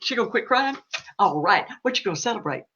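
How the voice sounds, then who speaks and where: A man's voice: sits high, sing-song, fast talker, sharp tone, husky, muffled recording, full character voice. A woman voicing a playful departed male pet dog speaking from the other side. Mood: cheeky.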